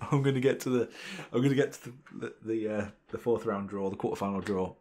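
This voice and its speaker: A young man commentating his football management game, excitable and exclaiming when things go his way. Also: fairly low pitch, a little fast. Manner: excitable, swearing mildly in exclamations. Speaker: gaming channel host. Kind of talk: gameplay commentary.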